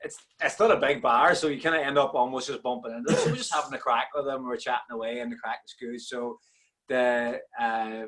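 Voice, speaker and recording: A man's voice: medium pitch, steady tone, brisk, fairly bright tone. A man with an Irish accent, a guest on a podcast, telling a rambling story full of restarts. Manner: rambling, many restarts and fillers. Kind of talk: casual storytelling.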